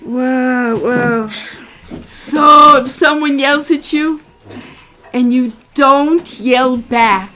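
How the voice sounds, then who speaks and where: A woman's voice: high-pitched, a little slow. A middle-aged woman, a rebbetzin, giving a heartfelt religious class to a small room, emotional and fond of repeating her phrases. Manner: emotional, repeats phrases, warmly greets arrivals.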